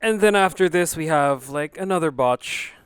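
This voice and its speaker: A man's voice: a little high, lively intonation, moderate pace, smooth, no echo, clean studio sound. A young man giving a casual, joking wrestling recap, swearing often and filling his talk with "like". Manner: profane, filler-heavy, joking. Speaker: wrestling show reviewer.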